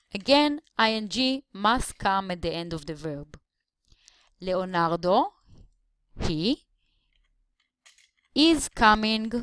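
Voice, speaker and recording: A woman's voice: medium pitch, fairly bright tone, clean tone, dry recording, clean studio sound. Woman teaching English grammar. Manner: explains slowly, stretching syllables to show stress. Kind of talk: grammar lesson voice-over.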